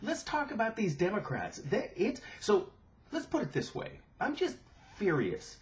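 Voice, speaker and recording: A man's voice: high voice, wildly swooping pitch, a little slow. Indignant ranting man, lo-fi audio. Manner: agitated, indignant, repeats words and restarts. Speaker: political vlogger. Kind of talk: impromptu political rant to camera. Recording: dull lo-fi camera audio.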